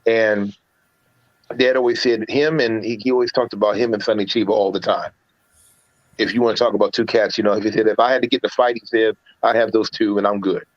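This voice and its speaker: A man's voice: lowish voice, a little fast, dry recording, highs cut off. A man in casual livestream chat about films, telling stories with many restarts and acting out quotes from scenes. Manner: animated storyteller, acts out movie quotes, many restarts. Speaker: podcast panelist reviewing films.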